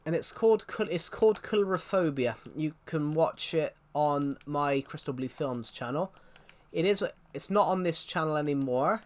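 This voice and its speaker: A man's voice: a little high, moderate pace. A man chatting casually on his livestream, rambling and often restarting his sentences.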